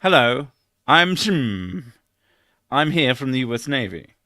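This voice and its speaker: A man's voice: mid-range voice, big pitch swings, slow pace, bright, forceful tone, dry recording, studio quality, heavily acted. A man voicing a pompous male naval captain who speaks with a British accent.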